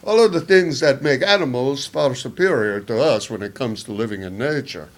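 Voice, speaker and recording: A man's voice: mid-range voice, expressive, normal speed, natural voice. A man playing a scheming, wisecracking old spy in an improvised comedy interview, drawling mock-confiding asides. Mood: sly. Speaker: comedian in character.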